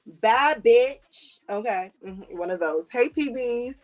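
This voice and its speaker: Woman streamer, sassy gossip host, laughs a lot, slangy casual chat, mid-pitched voice. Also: expressive, measured pace, noisy background. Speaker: livestream host reading chat.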